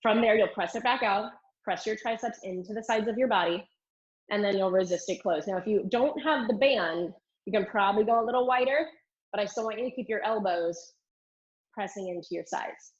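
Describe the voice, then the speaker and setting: A woman's voice: mid-range voice, a little fast. A woman Pilates instructor cueing and counting reps in a live online class, exercising along and a bit strained. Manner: upbeat counting and cueing while doing the moves. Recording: slightly dull lo-fi stream audio.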